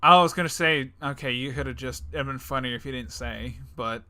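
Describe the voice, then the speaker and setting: Young man, podcast co-host, very bright voice, jokey, rambling casual chat. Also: medium pitch, a little fast. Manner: jokey, laughing, rambling with restarts.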